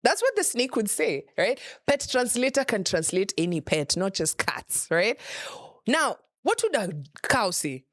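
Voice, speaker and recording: A woman's voice: on the high side, sing-song, a little slow, a bit bright, no echo, clean studio sound. A young Kenyan woman hosting a comedy show, teasing and laughing often as she jokes. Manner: playful, teasing, laughs often, mixes in Swahili. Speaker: host. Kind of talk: comedic monologue.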